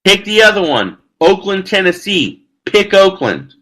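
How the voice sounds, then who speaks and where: A sports talk show host with a high-pitched, bright, forceful voice swings widely in pitch while speaking unhurriedly over a rough recording. Hosting a live sports betting show, he reads out viewer comments in a brash, loose, chatty way, dropping "freaking" often and cracking crude jokes.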